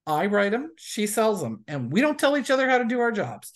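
An American romance author appears as a guest in a casual interview, her mid-range voice very animated and a little fast. She's a chatty storyteller, sharing anecdotes and acting out the people she quotes.

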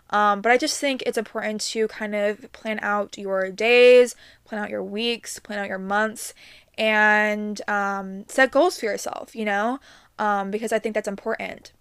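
A woman's voice: medium pitch, fairly bright tone, smooth, no echo, studio quality. A young adult woman hosting her own podcast, giving casual upbeat advice with many ums and likes. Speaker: podcast host.

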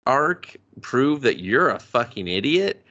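A man's voice: medium pitch, very animated, takes it slowly, bright, forceful tone, dull audio. A man hosting a podcast, recapping an anime in sarcastic, profane casual chat. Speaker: podcast host.

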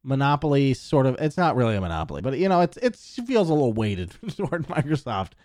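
A man chatting casually about gaming, laid-back and quick to laugh, swearing now and then. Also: mid-range voice, big pitch swings, a little mellow, no room sound, clean studio sound.

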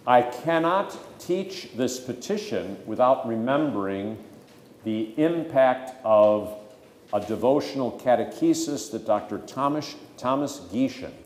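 A man's voice: medium pitch, lively intonation, a little slow, a little mellow, slight background noise. A pastor teaching the catechism to his congregation, stressing key words for emphasis and breaking off for folksy asides. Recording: echoey hall with long reverb.

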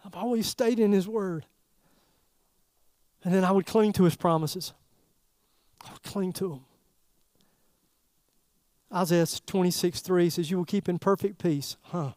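A man preaching a sermon in a folksy, animated way, throwing rhetorical questions at the congregation. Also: high voice, measured pace, pauses often, no room sound, clean studio sound. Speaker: pastor.

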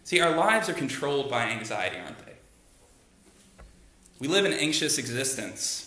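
A man's voice: medium pitch, very animated, normal speed, bright, forceful tone. A man pastor giving a sermon in a church, talking conversationally and asking the congregation rhetorical questions. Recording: echoey room.

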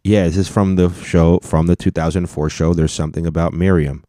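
A man's voice: deep voice, steady tone, a little fast, mellow, no echo, studio quality. A man hosting a podcast, giving loose, jokey commentary as he reacts to video clips. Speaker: podcast host.

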